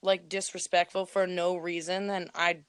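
A woman's voice: fairly low pitch, flat delivery, moderate pace, a bit bright, clear, resonant tone, dry recording. A young woman from Pennsylvania, a podcast co-host, chatting frankly and telling stories with casual swearing. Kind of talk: casual chat.

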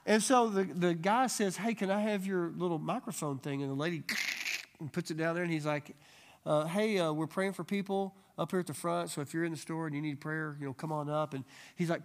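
Animated man telling church stories. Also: on the high side, fairly quick, a little hiss or hum. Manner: animated storyteller acting out quoted voices. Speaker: Bible study teacher. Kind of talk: storytelling in a church Bible study.

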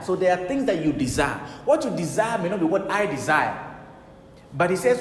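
A man's voice: sits high, big pitch swings, moderate pace, slight background noise. A man preaching a sermon emphatically, repeating key words and quoting scripture. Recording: echoey hall with faint ambience.

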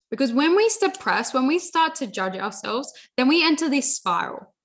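A woman's voice: sits high, very animated, moderate pace, fairly bright tone. A young adult woman giving an earnest motivational talk, repeating phrases and often saying "you know" and "like". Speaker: self-help speaker.

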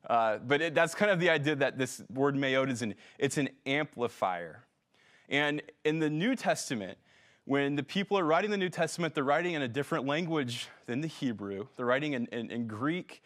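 A middle-aged male pastor gives a sermon in a loose, conversational style. His voice sits at an ordinary pitch, and he often pauses with fillers and corrects himself mid-sentence. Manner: conversational, relaxed preaching with fillers and self-corrections.

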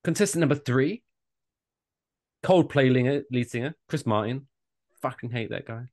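A man's voice: mid-range voice, normal speed, darkish tone. A man co-hosting a comedy podcast, swearing often and announcing segments with mock drama. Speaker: podcast co-host. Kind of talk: casual comedic podcast banter.

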